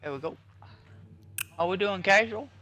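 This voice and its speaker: A man chatting casually with friends while gaming, retelling a mishap in a relaxed, halting way. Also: high voice, dull audio.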